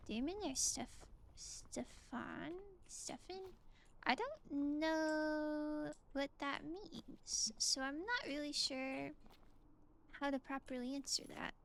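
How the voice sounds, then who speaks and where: A woman's voice: high-pitched, slow pace. A woman streamer chatting casually while playing a game, musing aloud and answering her chat.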